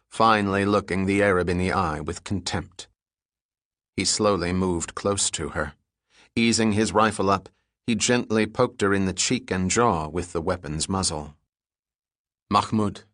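A man narrating a thriller audiobook chapter in a steady, measured way. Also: low-pitched, no room sound, studio quality. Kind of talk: scripted narration.

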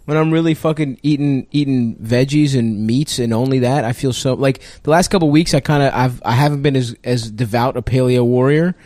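A man's voice: mid-range voice, brisk, few pauses, darkish tone, no echo. A man co-hosting a podcast, teasing his friends and laughing often in casual banter. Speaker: podcast co-host.

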